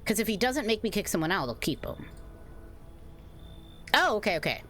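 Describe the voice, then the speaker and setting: A woman's voice: medium pitch, big pitch swings, normal speed, a bit bright, slight background noise. A young woman streaming a game, chatting casually, swearing and sounding exasperated.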